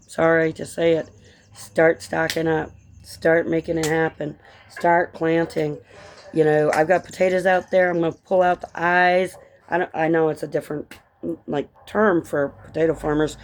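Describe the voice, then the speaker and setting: A woman who grew up in Colorado, talking casually in a rambling vlog chat that drifts between tangents and gentle encouragement. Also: low-pitched, a little hiss or hum. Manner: chatty, tangent-prone, encouraging. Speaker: vlogger and author.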